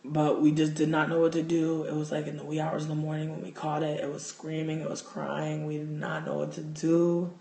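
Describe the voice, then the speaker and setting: A man hosting a livestream, telling a story in casual, profane, animated talk. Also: on the high side, fairly quick, gravelly, few pauses, reverberant. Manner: animated, profane, gets loud and excited. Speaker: livestream host.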